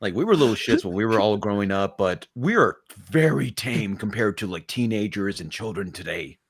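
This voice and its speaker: A man co-hosting a casual podcast, reacting with quick comments and laughter. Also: fairly low pitch, animated, breathy edge. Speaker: podcast co-host. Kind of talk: casual chat.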